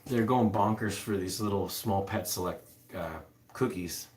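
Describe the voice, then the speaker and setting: A man's voice: on the low side, unhurried, darkish tone, slight background noise. A man who runs an animal rescue, chatting casually with live viewers in a loose, rambling way, full of fillers. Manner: rambling, filler-heavy, answers chat comments. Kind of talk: casual live stream chat. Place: home room with pets. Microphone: camera on upside-down tripod.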